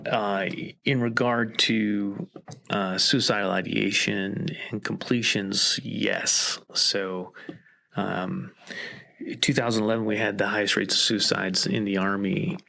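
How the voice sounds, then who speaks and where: Slow gravelly-voiced man, a chaplain. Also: fairly low pitch, steady tone, pushed and bright. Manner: slow, measured, reflective. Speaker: army chaplain, podcast guest. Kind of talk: interview answers.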